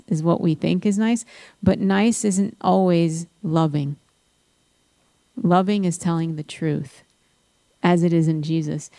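Earnest woman preaching, low mellow voice. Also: no echo. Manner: earnest, exhorting. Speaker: Christian speaker. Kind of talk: preaching in a panel talk.

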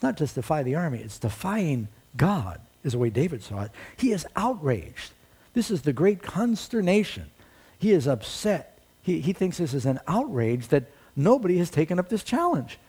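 A man's voice: fairly high pitch, big pitch swings, normal speed, dark tone, husky. A male preacher giving a sermon, retelling a story with dramatic storytelling and rhetorical questions.

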